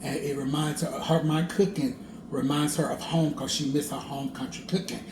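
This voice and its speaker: Playful guy cooking and chatting, kinda high voice, sing-songy, echoey kitchen with noise behind. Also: fairly even intonation, moderate pace. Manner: playful, sing-song, laughs often. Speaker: cooking vlogger. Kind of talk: casual cooking vlog chat. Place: home kitchen.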